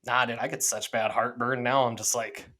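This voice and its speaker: A man's voice: mid-range voice, little pitch movement, moderate pace, pushed and bright. A young man co-hosting a podcast, chatting casually and acting out his own thoughts as he tells stories. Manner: rambling storyteller, acts out his own thoughts. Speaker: podcast co-host. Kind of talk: casual chat.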